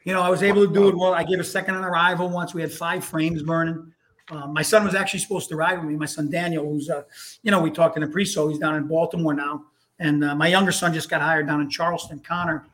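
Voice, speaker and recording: A man's voice: fairly high pitch, level tone, fast, a bit bright. A middle-aged man, a retired fire lieutenant telling stories in casual, profane chat and acting out the voices.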